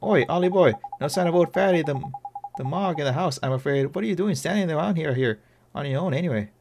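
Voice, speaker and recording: Player putting on a loud cheeky fairy guy, slangy and blunt, game music behind. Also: mid-range voice, big pitch swings, racing, natural voice. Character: cheeky little male fairy sidekick, brash.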